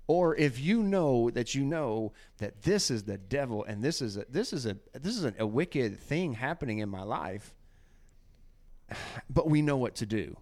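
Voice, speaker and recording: A man hosting a casual faith podcast, talking in an animated, preachy way and often acting out quotes. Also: medium pitch, measured pace. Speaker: podcast host.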